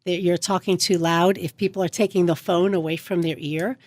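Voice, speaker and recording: A woman's voice: on the low side, fairly even intonation, a little fast, no echo. A woman speech coach giving a radio interview from a studio, talking emphatically and stressing key words as she explains. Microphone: studio microphone.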